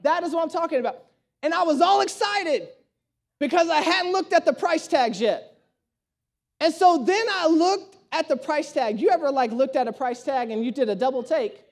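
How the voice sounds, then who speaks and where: A man's voice: very high-pitched, animated, normal speed. A male pastor preaching a sermon, telling a self-deprecating story with humor and acting out the dialogue. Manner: acts out dialogue in his stories.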